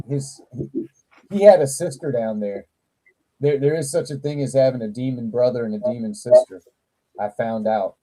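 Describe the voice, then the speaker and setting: A man hosting a casual live toy chat, talking with animated, profane energy and frequent laughter. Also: mid-range voice, low-quality recording. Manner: animated, profane, laughs a lot, slow drawl. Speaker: toy channel livestream host.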